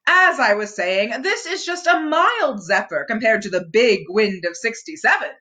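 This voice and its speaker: A woman's voice: on the high side, animated, moderate pace, bright, forceful tone. A woman voicing a pompous, long-winded old male owl who rambles grandly.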